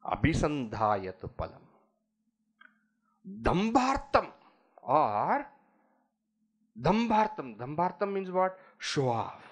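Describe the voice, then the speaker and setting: A man's voice: a little high, takes it slowly, pauses often. A man with an Indian English accent giving a spiritual discourse on scripture, telling stories and acting out the people in them. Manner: animated storytelling, acts out quoted voices.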